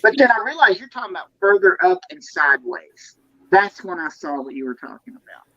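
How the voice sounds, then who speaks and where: Brief: male host, curious, lively delivery, muffled lo-fi phone sound. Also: high voice, fairly quick, gravelly, no room sound. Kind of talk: casual video call interview. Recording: dull lo-fi phone audio.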